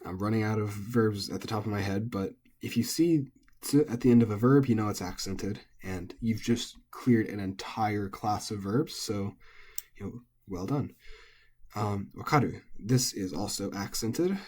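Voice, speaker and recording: A man with a husky, slightly low voice explains pronunciation rules in a loose, unscripted way. He thinks out loud, fills pauses with ums and often corrects himself mid-sentence. He sounds like a native English speaker teaching a lesson. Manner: relaxed, thinking aloud with frequent ums and self-corrections. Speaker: language teacher. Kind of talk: casual recorded lesson.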